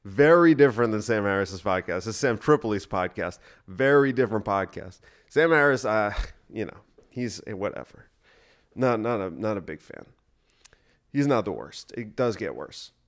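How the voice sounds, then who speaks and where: A man's voice: lowish voice, animated, moderate pace. A man hosting a podcast, talking on his own in a rambling, profane and sarcastic way. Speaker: podcast host. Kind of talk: casual solo podcast monologue.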